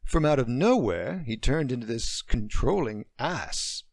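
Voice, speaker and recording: A woman's voice: a bass voice, very animated, a little slow, vocal fry, a little mellow, no echo, clean studio sound, heavily acted. A man voicing a hurt adult woman heroine who forces cheer over her anger, in a romance audiobook. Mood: angry.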